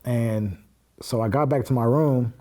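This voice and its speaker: Mellow-voiced man telling a personal story. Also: mid-range voice, a little slow. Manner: acts out quoted dialogue while recounting events; plain-spoken, with frequent fillers and curse words. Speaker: podcast guest.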